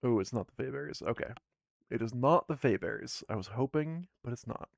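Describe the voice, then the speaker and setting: Sleepy, gravelly man streaming a board game. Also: medium pitch, expressive, fairly quick, no echo, clean studio sound. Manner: rambling, self-deprecating, reads game text aloud. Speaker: streamer running a solo tabletop game. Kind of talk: casual live-stream narration.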